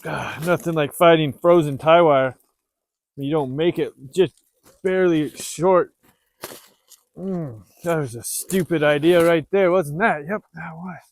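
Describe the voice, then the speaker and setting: A man from the US Northwest, a homesteader, talking loudly and rambling with self-deprecating humor while he works outside in the snow. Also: fairly high pitch, a little slow, vocal fry, no echo. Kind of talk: casual vlog narration while working. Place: outdoors in the snow at a dog pen.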